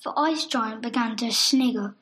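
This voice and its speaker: A woman narrating a storybook myth in a dramatic, expressive way. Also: fairly high pitch, moderate pace. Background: loud music.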